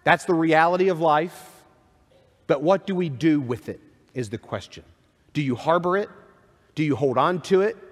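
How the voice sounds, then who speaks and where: A man preaching a sermon, reading scripture aloud and adding conversational asides. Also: high-pitched. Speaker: pastor. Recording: long hall reverb.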